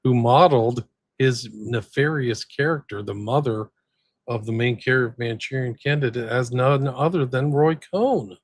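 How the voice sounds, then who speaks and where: A man's voice: medium pitch, moderate pace, husky, dry recording. A man co-hosting a podcast, chatting casually in a rambling, conversational way and speaking to the live chat. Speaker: podcast co-host.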